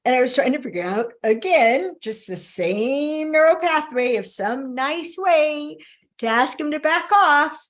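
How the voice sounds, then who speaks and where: Woman teacher, fairly high voice, animated storyteller who laughs mid-sentence and restarts often. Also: measured pace. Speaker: relationship teacher. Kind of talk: storytelling talk to a class.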